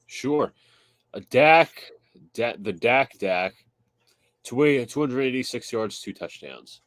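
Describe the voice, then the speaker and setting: A man's voice: mid-range voice, animated, takes it slowly, fairly bright tone, no echo. A man co-hosting a casual sports podcast, stumbling over words and then hurrying through his picks. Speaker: podcast co-host.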